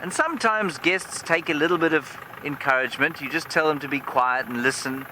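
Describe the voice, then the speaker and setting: A safari guide speaks from a game drive vehicle outdoors, telling a humorous story live over the engine noise. His voice is a little high, and he talks fairly quickly.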